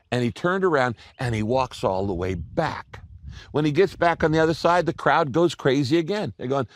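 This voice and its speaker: A man preaching a sermon as a pastor, telling stories, speaking straight to his listeners, repeating key lines and dropping his voice low to press a point home. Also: lively intonation, fairly quick, dry recording, clean studio sound. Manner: earnest, direct address to listeners.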